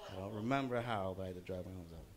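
A man's voice: sits low, racing. Male stand-up comic with a chatty, filler-heavy delivery, on a stage mic. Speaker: stand-up comedian. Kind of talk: stand-up comedy set. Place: comedy showcase at a bowling alley.

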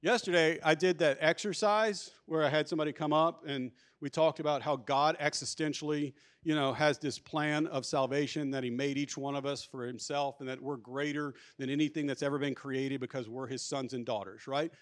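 A man with a slightly high voice leads a conference workshop, speaking with energy and emphasis. He keeps it conversational and often restarts his sentences as he drives home his points. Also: fairly even intonation, moderate pace, hardly any pauses. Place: conference hall. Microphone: handheld or lapel microphone.

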